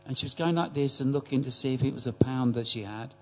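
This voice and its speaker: An older man telling a story in a group class, halting and repeating words as he speaks. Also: mid-range voice, darkish tone. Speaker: class attendee.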